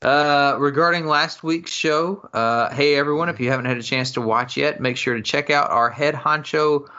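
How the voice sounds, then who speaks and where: A man co-hosting a podcast in loose, profane banter. His voice is bright and forward, and he laughs easily between remarks. The audio is dull and slightly lo-fi. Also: a little high, moderate pace. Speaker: podcast co-host. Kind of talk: casual podcast chat.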